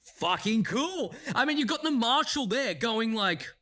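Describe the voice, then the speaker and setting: A man giving a casual spoken review of a series, animated and excitable, swearing freely as he talks. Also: extremely high pitch, unhurried. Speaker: show reviewer.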